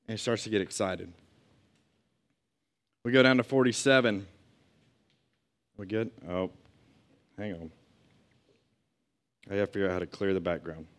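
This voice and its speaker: A man's voice: on the low side, normal speed, pauses often. A man teaching a Bible lesson to a group in a conversational way, reading scripture and adding asides and questions.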